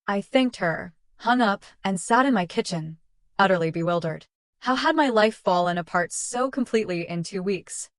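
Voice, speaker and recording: A woman narrating a first-person story in a steady, even reading voice at a middle pitch. The recording is dry and close, with no room sound at all. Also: normal speed, no echo.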